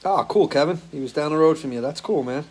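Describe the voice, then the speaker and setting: A man's voice: fairly high pitch, fast talker, darkish tone. A man hosting a live stream as a musician, chatting casually and answering viewer comments, loose and swearing freely. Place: home, living in Florida.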